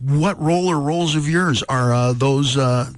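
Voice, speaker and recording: A man hosting a radio interview, asking playful, quick questions. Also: medium pitch, dry recording. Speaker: radio host.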